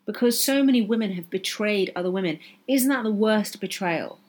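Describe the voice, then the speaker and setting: A woman's voice: mid-range voice, expressive, normal speed, a little mellow. A woman hosting a solo podcast, talking earnestly and with passion, driving her points home by repeating them. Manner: earnest, impassioned, emphatic repetition. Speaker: podcast host.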